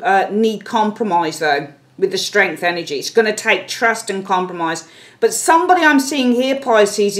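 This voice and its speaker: Animated woman giving a tarot reading. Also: mid-range voice. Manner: animated, acts out scenes, blunt and swearing. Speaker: tarot reader.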